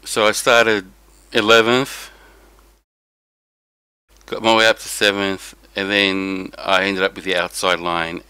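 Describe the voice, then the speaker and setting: A man's voice: sits low, level tone, slow, pushed and bright, clear, resonant tone, dry recording, low-quality recording. A tired young man chatting casually to viewers on a live stream, rambling about his race. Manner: rambling, talks to chat viewers. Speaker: sim racing streamer.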